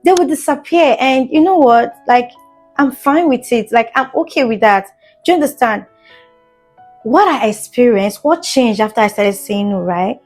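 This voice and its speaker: A woman's voice: on the high side, expressive, moderate pace, a little mellow, soft background music. Earnest woman vlogger, raised voice. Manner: earnest, emphatic, keeps asking "do you understand?"; fillers and restarts, gets emotional at times. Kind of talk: casual storytime monologue to camera.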